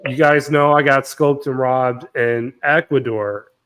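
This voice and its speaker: A man hosting a live-stream panel discussion, talking in an animated way that often cuts in and repeats words. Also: medium pitch, a little slow, smooth. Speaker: panel host.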